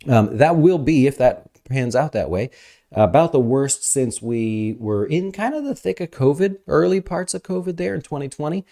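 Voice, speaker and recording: A man giving casual, energetic market commentary as an investment advisor host, talking fast with fillers. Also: on the high side.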